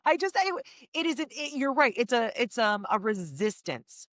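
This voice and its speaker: An American woman hosts a video interview, chatty and candid, with animated storytelling; she also owns a real estate business. Her voice is fairly high at a moderate pace, captured dry on a close mic.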